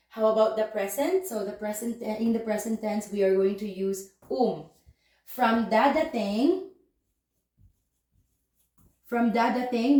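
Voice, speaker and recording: A woman language teacher giving an online lesson, explaining patiently step by step and repeating words slowly. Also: mid-range voice, warm tone. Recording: very echoey room.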